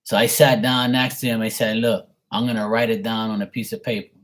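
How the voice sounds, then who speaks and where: A man's voice: lowish voice, little pitch movement, a little fast, a bit bright. A middle-aged man reading tarot on a live stream, telling a rambling family story in casual chat, swearing and mimicking his relatives. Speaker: tarot reader.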